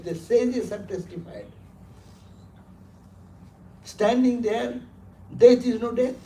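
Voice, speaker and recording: A male monk delivers a sermon, hammering points home through repetition and laughing his way through the stories. His voice is high for a man and mellow in tone. It comes from a distance in a roomy hall, with faint noise underneath. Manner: emphatic, repeats words, laughs while telling stories. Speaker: monk giving a talk.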